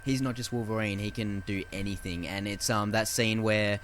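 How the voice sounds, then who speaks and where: A man's voice: on the low side, fairly even intonation, moderate pace, a bit bright, slight background noise. A man co-hosting a casual film podcast, who swears freely and acts out movie scenes with quoted lines. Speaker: podcast co-host.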